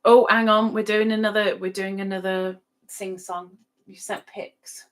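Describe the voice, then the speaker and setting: Slow-talking woman hosting a livestream. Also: mid-range voice, level tone. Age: middle-aged. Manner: chatty, giggly, sings playfully. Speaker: livestream host. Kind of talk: casual livestream chat reading comments.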